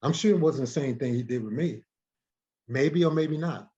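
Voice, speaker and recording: A man, a guest in an interview, telling a story in an animated way, often repeating and restarting words. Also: medium pitch, moderate pace. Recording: dull lo-fi recording.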